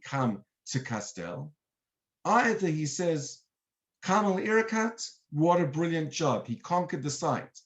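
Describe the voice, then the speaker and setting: A man guiding an online history lecture, telling events as a lively story and acting out the quotes. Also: a little high. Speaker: tour guide and lecturer. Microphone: online video talk.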